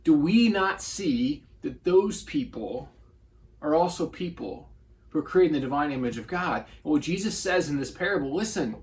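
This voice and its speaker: A man with a fairly high speaking voice preaches a brief devotional. He talks earnestly and conversationally, reading scripture aloud and slipping into quoted voices as he goes. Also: expressive, moderate pace. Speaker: pastor. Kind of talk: short devotional sermon.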